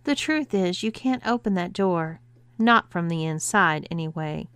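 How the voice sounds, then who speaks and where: A woman's voice: on the low side, expressive, unhurried, fairly bright tone, smooth, no room sound. A woman voicing a stern, commanding female cruise director who speaks with cool, controlled authority.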